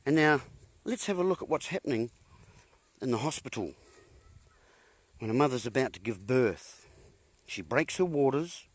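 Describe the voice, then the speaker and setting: This is a man with a husky, breathy voice at a middle pitch, talking straight to his viewers in a long rambling monologue. He strings puns together, drifts from point to point and chuckles at his own jokes, now and then calling his listeners folks. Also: lively intonation, normal speed, pauses often. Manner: punning, wandering, addresses listeners as folks. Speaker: host.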